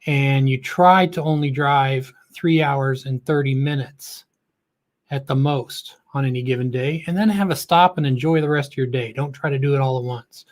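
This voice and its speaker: A man's voice: medium pitch, normal speed. Chatty middle-aged man hosting a livestream. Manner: chatty, calls out viewers' names with a lift; joking and goofy. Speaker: livestream host. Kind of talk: casual livestream chat.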